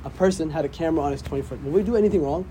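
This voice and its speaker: A man's voice: a little high, racing, warm tone, slight background noise. A man, an imam, teaching a casual religious class, often checking in with "right?". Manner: conversational, often asks "right?".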